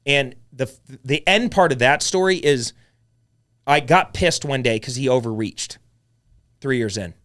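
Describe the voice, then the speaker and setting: A man telling his story as a podcast guest, blunt and animated, swearing freely as he talks. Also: mid-range voice, a little slow. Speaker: podcast guest, real estate investor. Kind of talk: casual storytelling chat.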